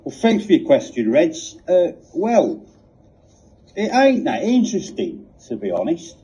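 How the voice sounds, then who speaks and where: A man's voice: a little high, wildly swooping pitch, measured pace, dark tone. A man doing a Cockney talking police box. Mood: laid-back. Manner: rambling, full of "you know what I mean". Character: chatty male talking police box, bored and laid-back. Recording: dull lo-fi recording.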